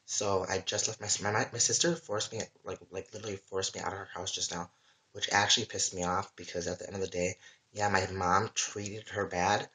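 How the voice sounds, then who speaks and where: Bright-voiced livestreamer rambling emotionally. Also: low-pitched, fairly even intonation, fairly quick. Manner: rambling and emotional, with heavy swearing. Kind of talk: casual livestream monologue. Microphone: webcam or phone mic.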